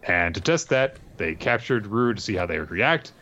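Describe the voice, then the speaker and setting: A man recaps a story casually, rambling and dropping jokey asides. His voice is low and bright, and the recording has a dull, lo-fi sound. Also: big pitch swings, normal speed. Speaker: podcast host recapping an anime.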